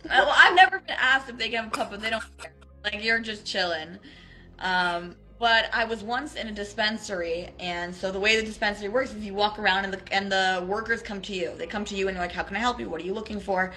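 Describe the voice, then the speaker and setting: Guest: woman from Israel, bright forceful voice, lively storyteller, casual chat. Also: mid-range voice, brisk, faint music behind, poor audio. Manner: animated storyteller with many likes. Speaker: interview guest. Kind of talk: casual video-call chat.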